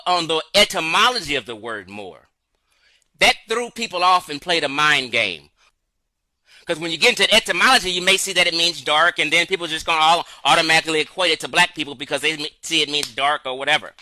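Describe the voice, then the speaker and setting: A man's voice: fairly high pitch, pushed and bright, dry recording, low-quality recording. A man hosting his channel, reacting to a clip and lecturing in an argumentative tone. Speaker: channel host.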